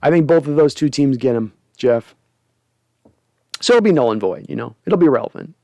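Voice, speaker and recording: A man hosting a casual sports livestream, reading out viewer comments with animated, joking chat. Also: mid-range voice, brisk, vocal fry, no room sound. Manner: animated, jokey, reads chat aloud. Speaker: host.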